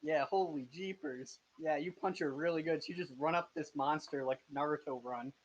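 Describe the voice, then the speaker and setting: A man's voice: a little high, moderate pace, a little hiss or hum. A young man with a slightly raised voice narrates a tabletop game over a voice chat. He keeps it loose and jokey, tripping over his words now and then. The sound is dull and lo-fi. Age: 20s. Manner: casual, joking, stumbling over words. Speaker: game master.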